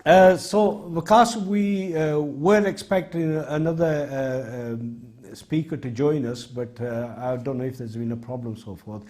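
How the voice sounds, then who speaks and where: A man's voice: medium pitch, steady tone, measured pace, few pauses, a little mellow. A man from the United Kingdom hosting a TV talk show, reading out viewer texts in a polite, brief way. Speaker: host.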